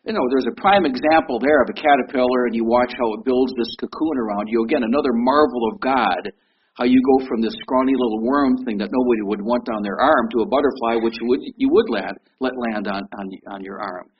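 Brisk and medium-pitched, a man in his fifties preaches a sermon as though chatting, repeating words and questioning his listeners often. The recording sounds dull and lo-fi, with faint noise.

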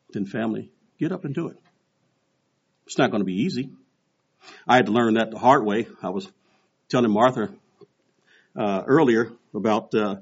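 A man in his sixties preaching with a lively, swooping delivery. His voice is a little husky. He tells stories and acts out the quoted voices, on a dull, lo-fi recording. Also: mid-range voice. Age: 60s. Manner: storytelling with animated quoted voices. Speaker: pastor. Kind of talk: sermon.

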